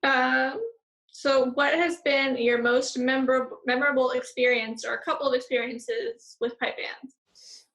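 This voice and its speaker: A woman's voice: sits high, flat delivery, a little slow, a bit bright. A woman hosting a podcast, asking her guest questions in a chatty way. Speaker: podcast host. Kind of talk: casual podcast interview. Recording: echoey room.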